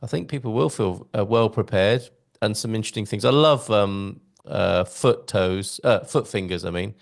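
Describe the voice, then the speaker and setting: A man's voice: fairly low pitch, moderate pace, creaky. A man hosting a casual live online lesson, upbeat and jokey, reading out viewer comments. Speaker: host. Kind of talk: casual live-stream chat.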